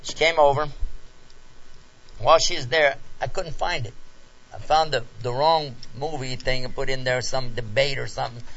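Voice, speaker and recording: A man speaking at a question-and-answer session after a lecture, telling a humorous personal story in a lively, animated way. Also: medium pitch, moderate pace. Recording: dull lo-fi lecture tape with faint noise.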